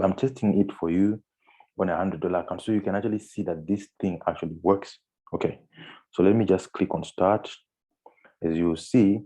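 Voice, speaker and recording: Guy w a really low mellow voice doing a screen tutorial, lots of um and restarts. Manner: talks through on-screen steps with frequent fillers and restarts. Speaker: trading instructor. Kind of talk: screen-share tutorial walkthrough.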